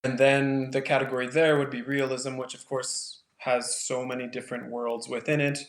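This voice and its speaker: Flat-voiced man with a rambling manner. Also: mid-range voice, moderate pace, reverberant. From Canada. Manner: thoughtful, rambling with many fillers. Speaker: painter, guest. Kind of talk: casual interview conversation.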